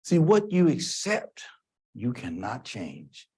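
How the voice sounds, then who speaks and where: Texas guy giving a keynote, husky, voice swinging up and down a lot. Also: mid-range voice, slow pace. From Texas, USA. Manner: storytelling, animated and emphatic. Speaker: keynote speaker. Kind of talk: motivational keynote speech. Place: conference hall stage.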